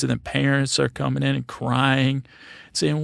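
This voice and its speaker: A man telling an improvised, absurd bedtime story in a halting, deadpan way full of fillers and restarts. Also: medium pitch, creaky, dry recording, studio quality.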